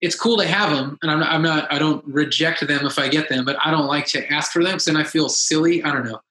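A man telling a story in casual chat, lively and acting out the quotes of others in a raised voice. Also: a little high, fast. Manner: animated, acts out quotes in a raised voice. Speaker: podcast guest, musician. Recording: echoey room.

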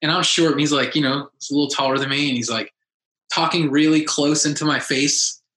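A man telling a story in casual chat, lively and acting out the quotes of others in a raised voice. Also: on the high side, brisk. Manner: animated, acts out quotes in a raised voice. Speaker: podcast guest, musician. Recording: echoey room.

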